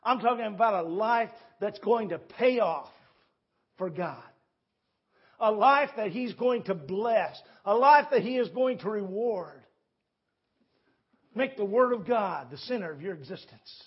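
Speaking unhurriedly in a high, breathy voice with lively intonation, a man preaches in a church sanctuary. As a pastor, he narrates a Bible story in a homespun style, acting out quoted voices. The recording's highs are cut off.

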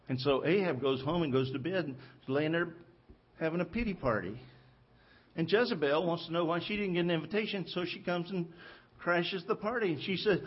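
Husky-voiced preacher telling a story. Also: male voice, fairly high pitch, fairly quick, muffled recording. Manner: storytelling, acting out the characters' lines. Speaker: pastor. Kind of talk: sermon. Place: church sanctuary.

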